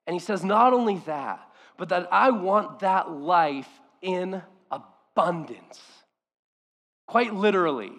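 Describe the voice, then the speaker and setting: A man preaching a sermon as pastor, impassioned, swinging between loud emphasis and quiet, hushed lines. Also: high-pitched, lively intonation, unhurried, long reverb tail.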